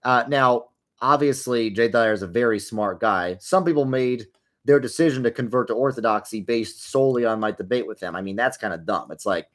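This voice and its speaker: A man's voice: medium pitch, a little fast. A young man hosting a casual livestream, answering viewer questions while he plays a game, rambling along with wry, sarcastic asides.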